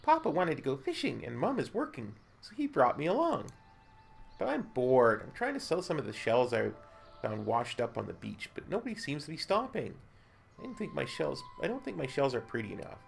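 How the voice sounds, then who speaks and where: A man's voice: mid-range voice, wildly swooping pitch, brisk, creaky, faint music behind, exaggerated voice. A man voicing a bored little girl who sells seashells, in a sing-song, pleading voice. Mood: wheedling.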